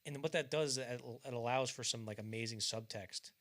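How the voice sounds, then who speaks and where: A man's voice: mid-range voice, fairly quick, a bit bright. A man hosting a podcast, chatting casually about movies, often stumbling and restarting, acting out lines from scenes. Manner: rambling, stumbles and restarts, acts out quotes. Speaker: podcast host. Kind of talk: casual film discussion.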